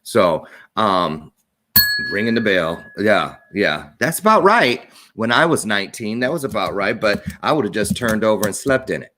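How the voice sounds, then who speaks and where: A man's voice: fairly low pitch, very animated, normal speed, sharp tone. A middle-aged man hosting a live-streamed talk show, chatty and playful with jokey asides.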